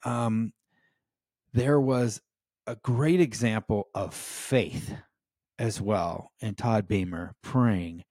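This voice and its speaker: A man's voice: on the low side, very slow, a little mellow, no room sound, studio quality. An American man hosting a leadership podcast, speaking earnestly with frequent "um" and "right?" and rising emphasis. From United States. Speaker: podcast host. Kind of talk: reflective solo podcast talk.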